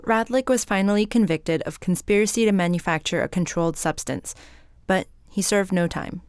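A woman host narrating a radio documentary in a plain, measured way. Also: medium pitch, darkish tone, smooth, no echo, faint music behind.

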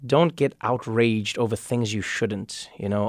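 Gravelly-voiced man in a dry studio. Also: fairly low pitch, dry recording. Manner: animated storyteller, quick, with frequent restarts. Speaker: comedian and talk show host, interview guest. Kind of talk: relaxed conversational interview.

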